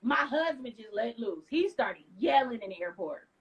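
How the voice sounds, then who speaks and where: A woman from the United States, an interview guest, telling her story in an animated way and acting out what others said. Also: fairly high pitch, normal speed, low-quality recording. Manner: lively retelling with acted-out quotes.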